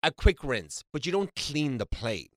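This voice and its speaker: A man's voice: fairly high pitch, big pitch swings, a little slow. A man co-hosting a casual chat show, joking, swearing and defending himself. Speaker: podcast co-host.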